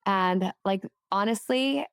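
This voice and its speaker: A woman guest telling a personal story in a casual podcast chat, animated and chatty, with plenty of "like" fillers. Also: medium pitch, slow, clear, resonant tone, no echo, clean studio sound. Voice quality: emotional, tearful at moments. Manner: animated, chatty, lots of "like" fillers, laughs and swears while telling.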